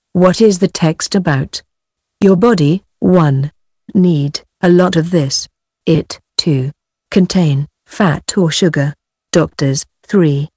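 A woman reads grammar exercises from a workbook aloud, taking each word slowly and deliberately. Her voice sits a little low and sounds mellow. The recording is dry and close. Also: breathy edge, no room sound. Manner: slow, careful, deliberate reading. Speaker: textbook reader.

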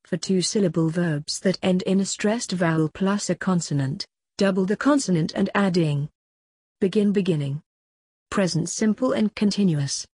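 A woman slowly reading grammar drills for a course book in a measured, clearly enunciated way. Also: lowish voice, a little mellow, dry recording, clean studio sound. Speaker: course audio narrator. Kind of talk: scripted textbook audio reading.

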